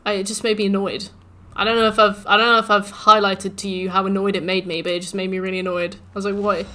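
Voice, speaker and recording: A young woman talks over her game stream, her voice bright and clear. She rants animatedly, swears freely and acts out the game taunting her in a mocking tone. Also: medium pitch, a little fast, hardly any pauses, faint music behind. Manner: animated ranting, swears, mimics the game's taunts. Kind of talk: casual livestream chat while gaming.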